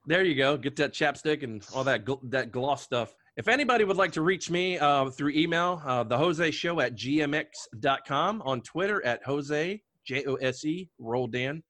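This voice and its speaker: A man's voice: on the high side, lively intonation, normal speed, hardly any pauses, a bit bright, no echo. A man hosting a podcast, chatting casually with guests and laughing often. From Delaware. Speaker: podcast host.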